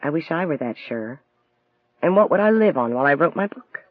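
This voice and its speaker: Man reading young Southern woman in an audiobook, soft and teasing, light drawl. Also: fairly high pitch, expressive, fairly quick, dry recording, muffled recording. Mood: wry, teasing. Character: bright, direct young woman student from the South.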